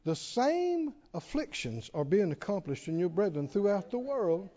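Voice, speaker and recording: His high-pitched voice is sing-song and dark-toned, moving at normal speed as he preaches. The male pastor animatedly tells a humorous story to his congregation in the sanctuary, calling for responses, in a dull, reverberant recording.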